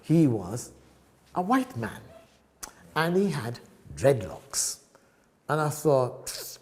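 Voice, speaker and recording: A man in his sixties from South Africa, a podcast guest telling stories in a lively way, often checking in with "right?" and laughing as he goes. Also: fairly high pitch, extremely slow, pauses often. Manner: animated, tags sentences with "right?". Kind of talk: storytelling in an interview.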